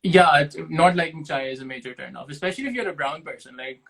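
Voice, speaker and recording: A young man from Pakistan, a talk show guest, answering rapid-fire questions in a casual, self-deprecating way, often thinking aloud. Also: a little high, creaky, fairly bright tone, low-quality recording.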